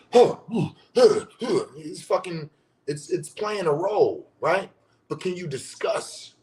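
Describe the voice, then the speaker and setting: A man's voice: mid-range voice, a bit bright. A man in a casual vlog rant, blunt and profane, asking rhetorical questions and repeating his points. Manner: blunt, profane, mocking voices of commenters. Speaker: social media commentator.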